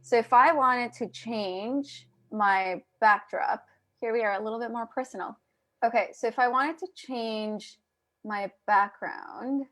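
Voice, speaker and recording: With a mid-range, fairly bright voice, a woman hosts a relaxed live video chat through a video call mic. She chats directly with her viewers and keeps starting her sentences over.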